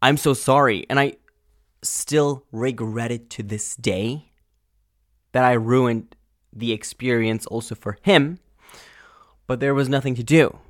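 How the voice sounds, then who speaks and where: A male podcast host ranting angrily and profanely in a casual monologue, full of fillers and sudden loud outbursts. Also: medium pitch, slow pace, long pauses, no room sound, studio quality. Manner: angry, exasperated, profane.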